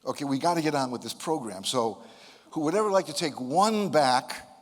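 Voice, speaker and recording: Older male speaker, slightly high voice, playful self-mocking storyteller, long hall reverb. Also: lively intonation, moderate pace, a little hiss or hum. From United States (Connecticut). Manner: playful, self-deprecating, humorous. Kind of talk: motivational talk with storytelling.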